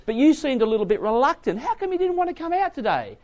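A man's voice: very high-pitched, very animated, fast talker, darkish tone, voice pushed up. A man voicing a friendly company president who asks coaxing questions at a business dinner. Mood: curious.

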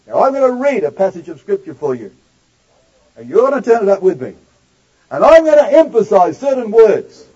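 A male preacher delivering a sermon, addressing the congregation directly and slowing down to stress key words. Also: sits high, darkish tone, slightly rough, muffled recording.

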